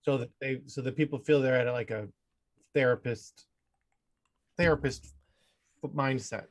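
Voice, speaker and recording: A man speaks as a guest over a video call from his low-ceilinged home room. He talks in a measured, thoughtful way, restarting phrases as he goes, at an everyday middle pitch. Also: fairly even intonation. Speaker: guest, mentalist and hypnotist. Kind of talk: casual interview chat.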